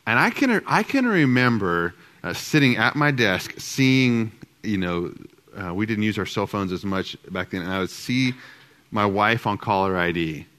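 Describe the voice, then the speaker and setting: Low-voiced man telling marriage stories. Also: normal speed. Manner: animated, acts out both sides of remembered conversations. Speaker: marriage speaker. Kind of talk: storytelling talk to a live audience.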